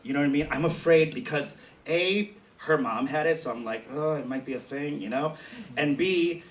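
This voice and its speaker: A man doing a stand-up comedy set in a club, animated, often jumping into high squeals and low mock voices. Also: normal speed. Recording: echoey club, mic at a distance, crowd noise. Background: laughing crowd.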